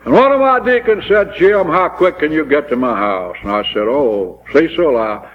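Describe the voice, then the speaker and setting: A man's voice: on the high side, expressive, normal speed. A man preaching a sermon, telling stories and building to impassioned, pleading climaxes. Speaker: pastor. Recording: dull old recording in a large hall.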